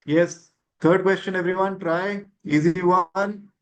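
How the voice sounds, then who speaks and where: Slow-talking teacher. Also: male voice, high-pitched, fairly even intonation, poor audio. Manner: encouraging, repeats praise and "right?" checks. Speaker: online English teacher. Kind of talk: live online grammar class.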